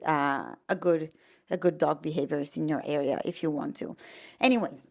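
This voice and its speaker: Chatty Italian-accented woman, low voice. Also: steady tone, normal speed, gravelly. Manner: chatty, full of fillers and restarts. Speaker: dog trainer and behaviorist. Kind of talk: casual explainer vlog.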